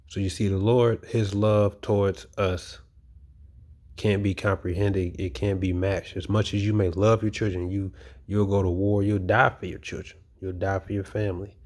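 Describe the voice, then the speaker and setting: Deep-voiced man preaching conversationally. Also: level tone, moderate pace, darkish tone. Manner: conversational, emphatic, repeats phrases, frequent "you know". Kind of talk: informal sermon.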